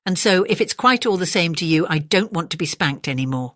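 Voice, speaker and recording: A woman's voice: lowish voice, animated, fairly quick, fairly bright tone, no room sound, clean studio sound. A woman doing a polite little elephant calf. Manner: very polite, earnest, wordy. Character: polite curious young male elephant calf.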